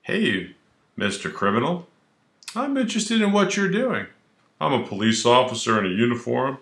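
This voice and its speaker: A man's voice: mid-range voice, sing-song, normal speed, fairly bright tone, roomy sound. A man playing a smug police officer who brags about his uniform, gun and power. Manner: swaggering, self-satisfied.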